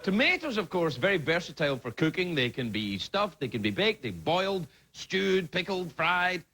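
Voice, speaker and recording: Animated late-night host. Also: male voice, sits high, moderate pace. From Scotland. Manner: animated, mock-outraged outbursts. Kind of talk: comic monologue. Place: TV studio stage before a live audience. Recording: loud studio audience noise.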